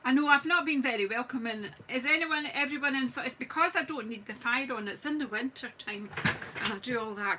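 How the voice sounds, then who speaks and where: A high, bright, forceful voice, slightly quick, belongs to a middle-aged woman from Scotland running a live card-making session. She chats away to viewers while working and teases herself. There's slight background noise and the audio is poor.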